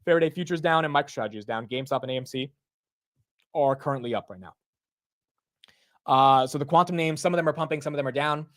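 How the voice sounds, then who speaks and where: A man's voice: a little high, fast talker, long pauses, a bit bright, dry recording, studio quality. A young man hosting a live market stream, chatting casually about stock prices and answering his chat with "bro" and "dude". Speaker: livestream market commentator.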